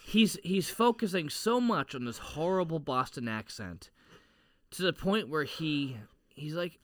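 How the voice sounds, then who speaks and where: A man co-hosting a casual movie-review chat, retelling scenes with lively quoted voices. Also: a little high, moderate pace, no room sound, studio quality. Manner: animated storyteller, quotes characters in goofy voices. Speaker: podcast co-host.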